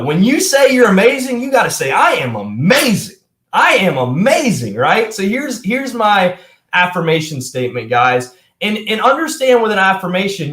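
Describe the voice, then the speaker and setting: Energetic young man coaching in an echoey room. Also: high-pitched. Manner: energetic, emphatic, addresses viewers as guys. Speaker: motivational coach. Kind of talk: motivational talk to camera.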